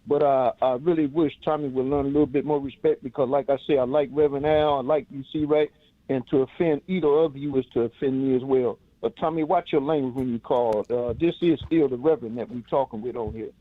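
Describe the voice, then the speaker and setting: A man's voice: medium pitch, steady tone, a little fast, no echo. Man on a tinny phone line. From Chicago, US. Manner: earnest, direct, plain-spoken. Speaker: caller. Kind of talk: call-in political commentary.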